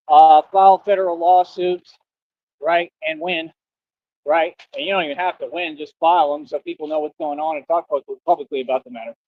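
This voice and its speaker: Male streamer, high-pitched swagger, casual slang-heavy monologue, muffled lo-fi audio. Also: a little hiss or hum. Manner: boastful, swaggering street slang.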